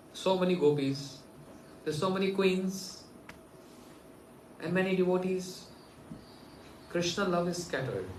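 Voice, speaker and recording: A man from India gives an earnest, gentle devotional talk and voices the people in his story. His voice sits a little high, and he is picked up from a distance in an echoey room with faint ambient noise behind him. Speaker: spiritual teacher.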